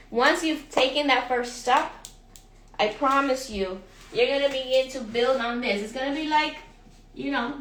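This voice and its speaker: A woman life and business coach giving a motivational live talk, energetic, repeating questions to her viewers and calling them y'all. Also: sits high, reverberant, a little hiss or hum, rough recording.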